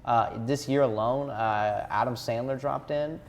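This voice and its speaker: A man in his thirties, a stand-up comedian from Atlanta, telling an animated story as a podcast guest. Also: mid-range voice, a little slow. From Atlanta, United States. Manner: animated storyteller, acts out quotes. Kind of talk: podcast anecdote.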